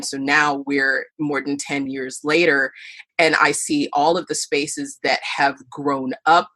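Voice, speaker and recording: Husky, lowish woman, middle-aged, lively storyteller guest who voices the people in her stories. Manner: animated storyteller, acts out quoted voices. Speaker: podcast guest, burlesque performer. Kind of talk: storytelling interview answers.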